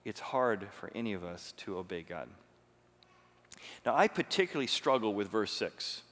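A pastor gives an animated, conversational sermon and asks his listeners many questions. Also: fairly low pitch, moderate pace. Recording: long reverb of a large hall.

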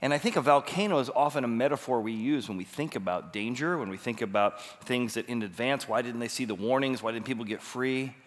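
A man in his forties preaching a sermon, telling a personal story with animated, rising emphasis. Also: mid-range voice, brisk, few pauses. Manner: animated storytelling, rising to near-shouts when retelling his frustration. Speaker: pastor. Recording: long reverb of a large hall.

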